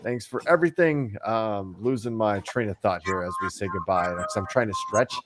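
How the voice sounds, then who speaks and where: A man's voice: fairly low pitch, moderate pace, noisy background. A man co-hosting a casual news chat show, joking and rambling with plenty of restarts and fillers. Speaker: podcast co-host.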